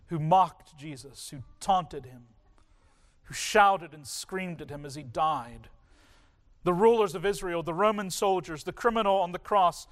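A man preaching a sermon in a slow, deliberate way, with dramatic pauses between phrases. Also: sits high, fairly bright tone. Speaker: pastor.

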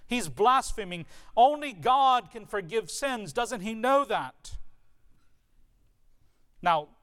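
A man's voice: sits high, a bit bright. A man preaching a sermon to his congregation, earnest and emphatic, with rhetorical questions. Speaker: pastor.

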